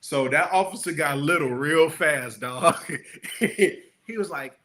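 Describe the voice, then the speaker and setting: A middle-aged man, a guest entrepreneur, telling stories in a casual interview and acting out the people he quotes. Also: slow pace. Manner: animated, acts out quotes with big pitch jumps.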